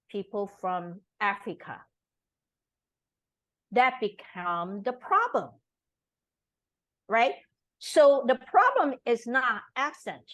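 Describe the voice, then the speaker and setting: A woman from Taiwan talks in an interview at an unhurried pace. Her voice sits a little high and moves widely up and down. She presses her points with emphasis and keeps asking "right?". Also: fairly bright tone, poor audio. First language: Taiwanese Mandarin. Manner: earnest, emphatic, with many tag questions. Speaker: interview guest. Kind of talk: conversational interview.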